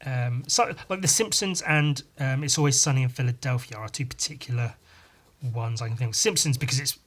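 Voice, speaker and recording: A man talks through a casual solo podcast episode in a middle-pitched voice. He rambles and hesitates, restarting sentences and filling gaps with ums. His tone is laid-back and self-deprecating. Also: a little fast, fairly bright tone. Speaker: podcast host.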